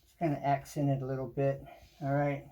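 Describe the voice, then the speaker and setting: A man presents a home improvement tutorial, working as he talks in a laid-back manner and frequently saying "kinda". He has a mid-range voice and speaks fairly quickly, and the recording sounds muffled.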